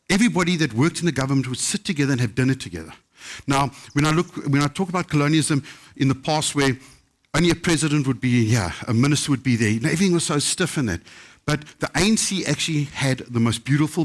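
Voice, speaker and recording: A man with a South African English accent telling anecdotes at a book festival, acting out the voices of people he quotes. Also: mid-range voice. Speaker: chef telling stories. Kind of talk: live storytelling talk.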